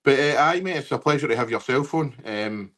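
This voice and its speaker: A man's voice: mid-range voice, animated, a little fast, fairly bright tone. A Scottish man hosting a podcast interview in a casual, matey way. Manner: friendly, matey, says "mate" a lot. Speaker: podcast host.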